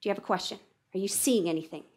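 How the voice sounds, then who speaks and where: A woman's voice: mid-range voice, rapid-fire. A woman teaching a class, reading a text aloud and voicing her thoughts about it as she goes. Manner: animated, switching between reading aloud and thinking aloud. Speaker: teacher trainer. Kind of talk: classroom think-aloud demonstration. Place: classroom with an audience.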